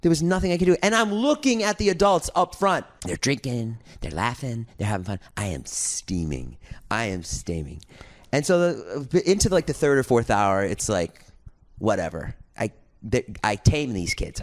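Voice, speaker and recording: A man's voice: mid-range voice, normal speed, few pauses. A man co-hosting a podcast, telling a story in casual chat and acting out the other people's lines as he goes. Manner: animated storyteller, acts out quotes. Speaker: podcast co-host.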